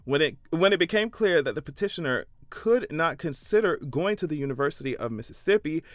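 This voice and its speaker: A man giving casual reaction commentary, sassy and profane, breaking into high-pitched exclamations. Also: lively intonation, fairly quick, dry recording, clean studio sound. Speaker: commentary vlogger.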